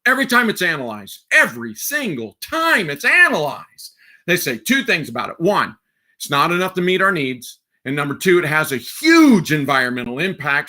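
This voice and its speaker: A man with a high, bright, sharp voice talks on a live stream. His pitch leaps all over as he jokes and gets excited. The talk is loose and casual. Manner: animated, playful, excitable.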